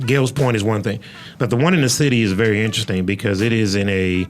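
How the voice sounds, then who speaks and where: A man's voice: on the low side, quick pace. A man hosting a podcast, chatting casually and telling stories, often hunting for words with fillers. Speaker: podcast host. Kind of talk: casual interview chat with storytelling.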